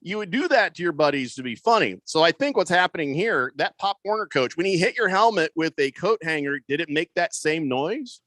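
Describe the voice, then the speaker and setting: Middle-aged man, sports radio host, wry chatty banter, animated voice, dry close studio mic. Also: fairly high pitch, fairly quick, hardly any pauses, no echo. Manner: chatty, wry, lots of fillers. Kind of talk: casual radio banter, reading listener texts. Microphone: studio microphone.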